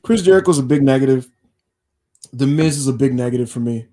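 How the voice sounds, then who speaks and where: A man co-hosting a wrestling podcast in casual chat, telling stories animatedly and doing quick voices for the people he quotes. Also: medium pitch, dark tone. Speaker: podcast co-host.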